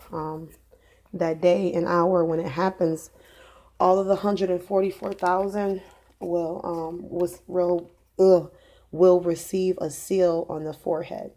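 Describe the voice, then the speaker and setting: A young religious vlogger with a lowish, slightly mellow voice talks loosely about faith and her children's dreams. Her casual preaching monologue rambles, with plenty of fillers and restarts, and she laughs at her own jokes.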